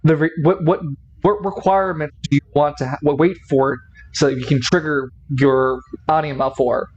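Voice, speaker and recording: A man's voice: fairly high pitch, steady tone, moderate pace, muffled recording, a little hiss or hum. A man narrating a tabletop role-playing game as game master, often stopping and restarting while he checks the rules.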